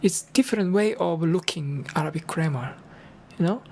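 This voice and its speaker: An older Korean man with a Korean accent and a hoarse, strained voice, chatting casually as a teacher in broken English with earnest encouragement. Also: on the high side, moderate pace, darkish tone, a little hiss or hum. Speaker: Arabic and Islam teacher. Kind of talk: casual livestream talk.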